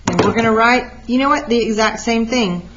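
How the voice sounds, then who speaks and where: A woman teacher walking through a math lesson out loud, lively and talking through each step. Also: fairly high pitch, brisk, background noise. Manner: lively, talks through steps aloud. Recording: dull lo-fi recording.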